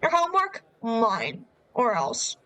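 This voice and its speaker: A woman voicing an arrogant male high-school bully, reading his taunting lines from a dating game. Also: huge pitch swings, slow pace, pushed and bright, no room sound, heavily acted. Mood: menacing. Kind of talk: reading a game's lines aloud.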